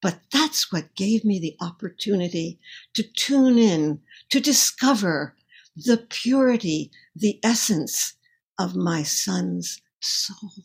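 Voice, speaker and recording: A middle-aged woman telling a personal story in a halting, tender way. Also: medium pitch, lively intonation, creaky, breathy edge. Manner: halting, tender, pausing to find words. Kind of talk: personal story told on stage.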